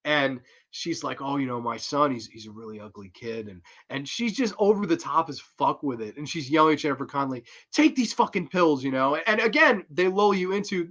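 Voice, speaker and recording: A man hosting a horror film review show, excitable and profane, acting out quotes as he recaps. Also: on the high side, highs cut off. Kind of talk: casual film review monologue.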